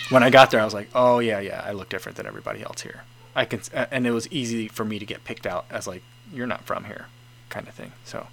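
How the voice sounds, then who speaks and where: A man's voice: mid-range voice, a bit bright. A man from the United States hosting a live stream, chatting casually through viewer comments with many fillers, restarts and chuckles. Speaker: livestream host reading viewer comments. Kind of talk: casual chat.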